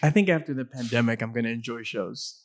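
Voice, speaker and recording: A man hosting a casual chat, talking in halting bursts with many restarts and fillers. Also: medium pitch. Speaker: podcast host.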